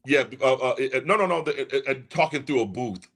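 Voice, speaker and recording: A man's voice: medium pitch, a little fast, breathy edge. A man in his fifties, a music producer and guest, telling a story casually and acting out the voices of the people in it. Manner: animated, acts out quoted voices.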